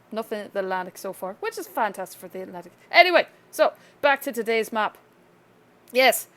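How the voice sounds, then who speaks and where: A woman casually talking through a severe weather outlook, chatty and loose, with offhand asides and frequent self-corrections. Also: mid-range voice. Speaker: weather vlogger.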